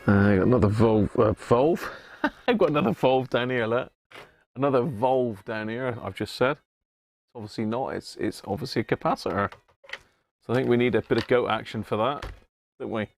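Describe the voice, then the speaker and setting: Gravelly and mid-range, the man's voice comes at a moderate pace with frequent pauses over slight background noise. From his home workshop, he runs a relaxed livestream about restoring vintage radios, speaking in a southern English accent, chuckling often and replying to viewers by name as he looks over the old radios on his workbench.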